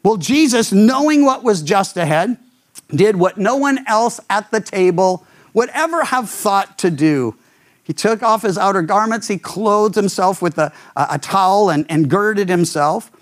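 Animated man preaching with lively pitch. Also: measured pace. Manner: animated, acts out quoted speakers with big pitch jumps. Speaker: pastor. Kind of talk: expository sermon.

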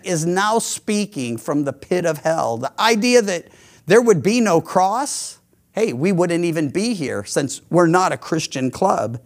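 A high-voiced man preaches a sermon. He tells the story with animated, acted-out quotes and often restarts his sentences. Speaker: pastor.

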